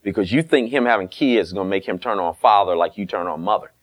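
A man's voice: on the low side, quick pace. A middle-aged man preaching on marriage, blunt and folksy, teasing his listeners and acting out old conversations. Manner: folksy and blunt, with teasing asides and quoted dialogue. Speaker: pastor. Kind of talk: sermon on marriage.

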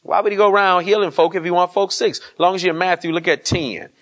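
A man's voice: sits high, steady tone, fast, a bit bright. Man, pastor, church sermon, emphatic call-and-response preaching. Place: church service.

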